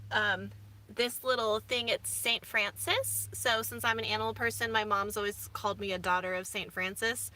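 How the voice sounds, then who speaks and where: A woman's voice: mid-range voice, fairly even intonation, moderate pace, bright, forceful tone. A woman in her thirties, rambling casually with many fillers as a vlogger from inside her camper van. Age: 30s. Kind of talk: casual chat.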